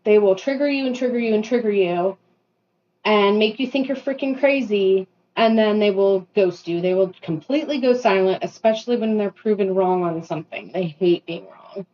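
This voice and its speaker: A woman in her thirties rants through a casual vlog while doing her makeup at home. Her voice sits at a middle pitch, and she breaks off into quick self-deprecating asides. The recording sounds a little dull and lo-fi. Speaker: vlogger. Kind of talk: casual venting monologue. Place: bathroom at home.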